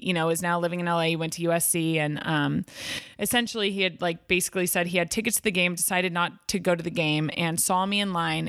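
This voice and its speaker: A woman's voice: lowish voice, fairly bright tone, clean tone, dry recording, clean studio sound. A young adult woman, a podcast guest, telling a personal story in casual chat, full of "like"s and restarts. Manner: chatty, many "like"s and restarts.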